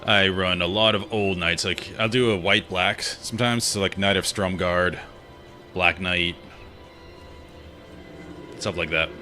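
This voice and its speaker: A man with a deep, low voice talks loosely and with strong opinions as he plays through a game. His chat rambles from one thought to the next. Game music sounds clearly behind him the whole time. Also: fairly even intonation, a little slow, pauses often, sharp tone. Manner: rambling and opinionated, chatting while playing. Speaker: gaming streamer. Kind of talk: casual gaming chat.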